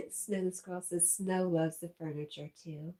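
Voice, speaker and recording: A woman's voice: lowish voice, steady tone, measured pace, dark tone. A woman hosting a casual livestream, reading out viewer comments and laughing often. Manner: giggly, reads out chat messages. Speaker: livestream host.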